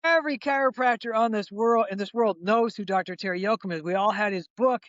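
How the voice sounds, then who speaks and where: Animated older man telling a story. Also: high voice, brisk, no room sound, lo-fi sound. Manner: animated storyteller, acts out quoted voices, frequent restarts. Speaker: chiropractor guest. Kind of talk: conversational storytelling.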